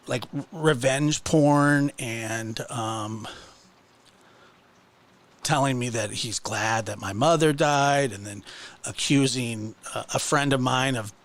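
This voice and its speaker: A man's voice: mid-range voice, takes it slowly. A man hosting his own channel, ranting casually in a mocking, exasperated way with many restarts. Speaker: channel host. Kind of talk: casual livestream rant.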